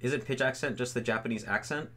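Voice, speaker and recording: A young man on a livestream responds to viewer questions, his loose talk studded with fillers and "like"s. The voice is mid-range and a bit bright, and he speaks fast.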